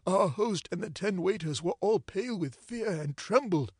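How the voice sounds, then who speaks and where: A man narrating an old ghost story in a measured, dramatic reading. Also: high-pitched, animated, a little mellow, breathy edge, dry recording, studio quality.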